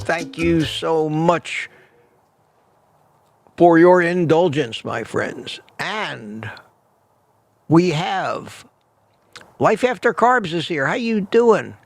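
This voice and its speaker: Gravelly-voiced man hosting a casual livestream. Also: fairly high pitch, no echo. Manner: greets viewers by name, repeats phrases. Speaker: livestream host. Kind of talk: casual morning livestream chat. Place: outdoors in cold weather.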